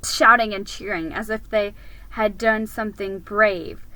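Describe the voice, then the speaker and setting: A woman reading a story aloud, unhurried, with occasional slips and restarts. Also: medium pitch, steady tone, bright, forceful tone, no room sound, rough recording. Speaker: reader.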